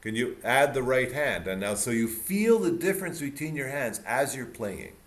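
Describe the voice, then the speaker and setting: A man's voice: medium pitch, lively intonation, normal speed, slight background noise. A man teaching a piano masterclass, coaching a student with encouragement and repeating words for emphasis. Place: music room with piano and mirror. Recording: piano playing behind the voice.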